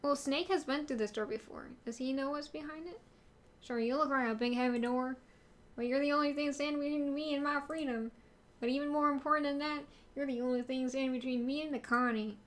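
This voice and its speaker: A woman's voice: sits high, fairly even intonation, brisk, natural voice. A woman voicing a tired young male hero in a put-on cowboy drawl, reading game text aloud over music. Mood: weary, determined.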